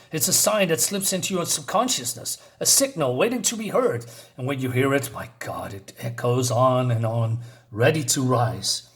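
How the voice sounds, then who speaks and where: A man reviewing a comic book in a casual, hesitant way, reading panels aloud with frequent asides. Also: medium pitch.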